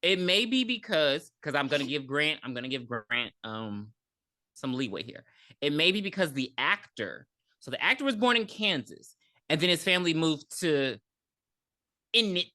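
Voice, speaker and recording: A woman's voice: deep voice, big pitch swings, moderate pace, sharp tone. A woman co-hosting a podcast, chatting and joking her way through a movie recap. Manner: chatty and joking, with many restarts. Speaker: podcast co-host. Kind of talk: casual movie recap chat.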